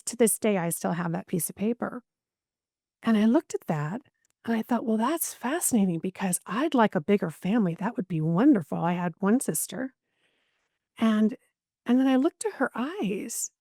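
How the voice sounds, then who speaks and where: A woman's voice: medium pitch, no room sound, clean studio sound. A middle-aged woman, a podcast guest and genealogist, telling a personal story in an interview and acting out the voices of the people in it. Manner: animated, acts out quoted voices.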